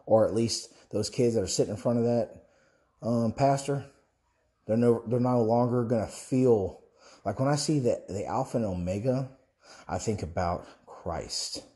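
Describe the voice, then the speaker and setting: A man's voice: medium pitch, unhurried, dark tone. A young man delivering an impassioned, preachy monologue as a Christian online commentator, rambling, restarting and asking rhetorical questions.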